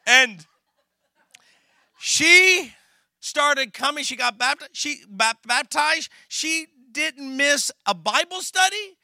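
A man's voice: very high voice, dry recording, studio quality. A middle-aged male pastor preaching a sermon, telling a story animatedly and acting out the dialogue. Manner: animated storytelling, acts out dialogue, laughs, gets loud and emotional.

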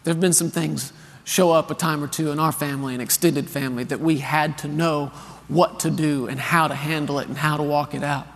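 Man, 30s, pastor, sermon, earnest storytelling, fairly high voice, reverberant hall. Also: a little fast. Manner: storytelling, animated and earnest, calls for responses. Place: large church hall.

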